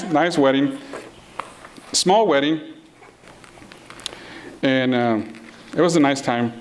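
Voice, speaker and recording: A middle-aged man preaching a sermon in a playful, conversational way, acting out the people in his stories. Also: mid-range voice. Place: congregation hall.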